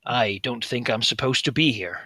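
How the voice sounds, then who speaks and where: A man voicing a calm, curious older brother with an arcane mind, who asks his questions in an earnest, measured way. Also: medium pitch, no room sound.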